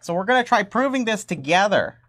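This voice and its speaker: A woman explaining a math idea in a casual, chatty lesson, laughing often and getting excited as she goes. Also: mid-range voice, fairly quick. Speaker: teacher.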